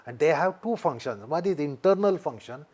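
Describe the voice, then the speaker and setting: A man with an Indian English accent, a yoga teacher, explaining things deliberately in an interview and repeating his key points. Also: fairly high pitch, lively intonation, a little mellow.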